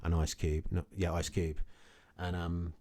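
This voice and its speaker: A man's voice: deep voice, level tone, a little slow, mellow. A man ranting casually to camera about his investments, blunt and repetitive, often tagging his points with "okay". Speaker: crypto vlogger.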